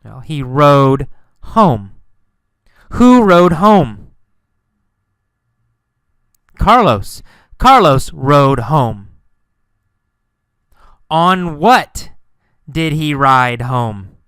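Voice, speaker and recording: A man teaching a lesson, speaking slowly and emphatically, repeating key words and questions for learners. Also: a little high, very animated, fairly bright tone, smooth, no echo, clean studio sound. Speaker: English teacher. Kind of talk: slow English lesson narration.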